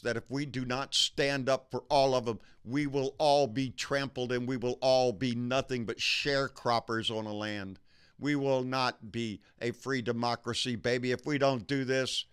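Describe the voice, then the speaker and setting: Host: Texan man, bright clear voice, fired-up profane political rant. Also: on the low side. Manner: profane, fired-up, repeats "baby".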